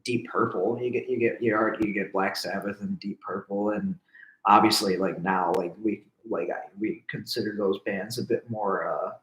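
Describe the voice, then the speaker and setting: A man's voice: fairly low pitch, fairly even intonation, normal speed, a bit bright, a little hiss or hum. A young man, a musician guest, talking casually and hesitantly as he searches for words. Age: young adult. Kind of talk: casual conversation. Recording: roomy echo.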